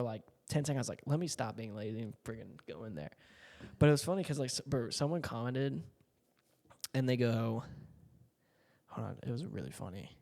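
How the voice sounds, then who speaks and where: A man's voice: mid-range voice, creaky, a little mellow, in a large hall. A man in his twenties from Puerto Rico, a content creator talking in a casual, rambling monologue full of slang, swearing and fillers. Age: 20s.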